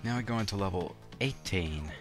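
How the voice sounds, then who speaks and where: Animated and brisk, a young man with a low voice does let's play commentary on his own gameplay against game music. His talk is rambling and casual, heavy on fillers and restarts, with some crude language.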